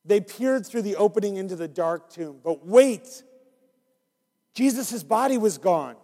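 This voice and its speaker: His voice sits high and his pace is measured as this minister reads an interactive Bible story to children. Animated throughout, he coaxes them to chime in. The clip has long hall reverb.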